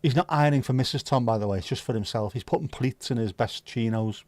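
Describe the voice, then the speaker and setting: A man's voice: mid-range voice, quick pace, a little mellow, no room sound. A man hosting a livestream, chatting casually with viewers and teasing them. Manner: joking, teasing, chatty banter. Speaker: livestream host.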